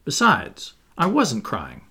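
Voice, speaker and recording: A man's voice: on the high side, wildly swooping pitch, slow pace, husky, exaggerated voice. Peter Pan, cocky boy, read by a man. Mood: indignant. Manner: sharp, indignant, cocky. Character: boastful proud young boy who won't grow up.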